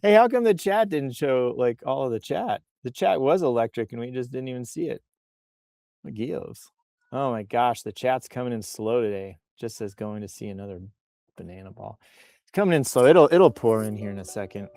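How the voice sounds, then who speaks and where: A male host chats loosely on a livestream, with a jokey, playful delivery. He rambles from one thought to the next in an everyday voice of ordinary pitch. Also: lively intonation, moderate pace, vocal fry, warm tone, no echo, clean studio sound. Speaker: news show host. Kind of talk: casual livestream chat. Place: outdoors on a bluff while on vacation.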